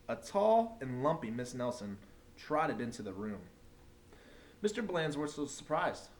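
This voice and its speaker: A man, a teacher, reading a picture book aloud in an animated storytelling manner. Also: medium pitch, measured pace.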